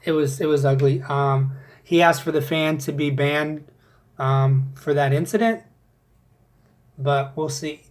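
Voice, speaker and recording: A man's voice: a little high, measured pace, long pauses. A man hosting a casual fantasy football league recap, joking and teasing with plenty of swearing.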